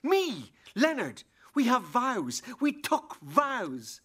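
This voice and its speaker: A betrayed husband with a lilt, sneering and sarcastic, his lively voice swinging up and down as his anger boils over. It is a radio play, with a bitter, biting edge that gives way to rage. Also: extremely high pitch, drawn-out words, heavily acted. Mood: furious. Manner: sarcastic, biting, building to fury. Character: bitter jealous husband, drinking, middle-aged. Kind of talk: radio drama acting.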